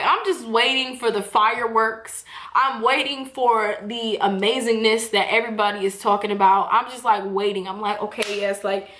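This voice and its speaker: Young woman, 20s, candid and profane vlogger, bright tense voice, roomy echo. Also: a little high. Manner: candid, profane, animated retelling. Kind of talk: casual storytime chat.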